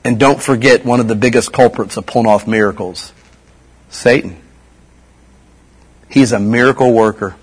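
Husky-voiced man preaching a sermon. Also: mid-range voice, steady tone, normal speed, long pauses, poor audio. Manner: conversational preaching, rhetorical questions to the audience.

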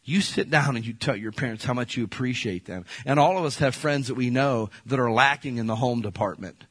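A middle-aged man preaching a sermon in church, talking in a conversational way that swings from loud to soft. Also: medium pitch, a little fast, husky. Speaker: pastor.

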